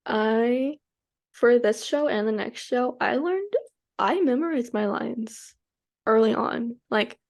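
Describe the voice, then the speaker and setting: A woman's voice: fairly high pitch, takes it slowly, vocal fry. A young woman co-hosting a podcast, chatting casually in a rambling way with many restarts. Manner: rambling, full of restarts and fillers. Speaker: podcast co-host. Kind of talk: casual chat.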